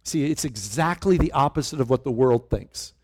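A middle-aged pastor delivers a conversational sermon, his medium-pitched voice carrying a breathy edge at a moderate pace. He's animated and keeps asking the congregation questions.

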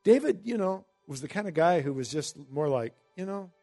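A man preaching a Bible-teaching sermon in a conversational way, reading scripture slowly and breaking into emphatic asides. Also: fairly high pitch, a little mellow, faint music behind. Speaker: pastor.

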